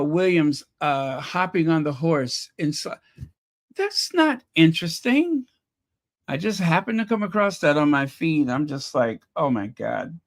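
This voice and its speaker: A man hosting a casual live commentary stream, chatty and exasperated, thinking aloud as he talks to his viewers. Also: a little high. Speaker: livestream commentary host.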